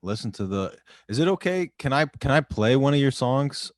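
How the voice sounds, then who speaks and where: A man's voice: mid-range voice, normal speed, no echo, studio quality. A man hosting a podcast, chatting casually with short, easygoing replies. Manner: relaxed, brief agreeing replies. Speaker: podcast host. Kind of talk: casual chat.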